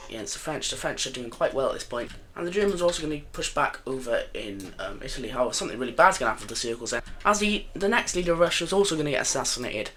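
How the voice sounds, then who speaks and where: Bright-voiced rambling young man. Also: mid-range voice, a little hiss or hum. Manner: rambling, chatty, jokey, often corrects himself mid-sentence. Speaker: map video narrator. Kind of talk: casual commentary over an alternate-history map game.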